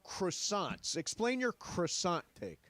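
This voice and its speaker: A man's voice: high-pitched, huge pitch swings, slow, fairly bright tone, no echo. Bouncy guy hosting sports radio, teasing, voice jumps all over, dry close mic. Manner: upbeat, playful and teasing. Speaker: radio co-host.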